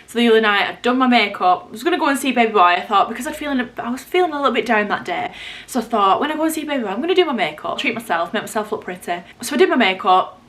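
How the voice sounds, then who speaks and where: A woman's voice: a little high, expressive, rapid-fire, fairly bright tone. A young woman from England vlogging at home in the middle of a house move, chatty and confiding, with lots of fillers and self-interruptions. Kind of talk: casual chat to camera.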